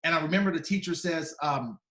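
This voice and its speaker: A man in his fifties tells his story to a conference hall, his voice sitting a little high for a man. He is dramatic and acts out the people he remembers. The sound rings with the echo of a large room. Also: fast talker, pushed and bright. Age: 50s. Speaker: keynote speaker. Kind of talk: personal storytelling speech.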